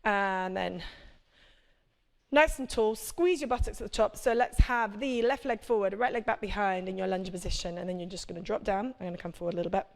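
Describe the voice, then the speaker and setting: A woman's voice: mid-range voice, fairly quick, creaky, a little hiss or hum. A woman, a prenatal fitness instructor, coaching a live workout class with chatty, encouraging cues and check-ins.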